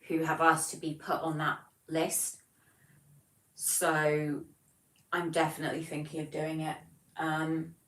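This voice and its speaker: A woman in her forties from England, with a Devon accent, hosts a casual livestream and reads out viewer comments in a chatty, self-deprecating manner. Her low voice is a bit bright, and she sounds far from the mic in a roomy space on a low-quality recording.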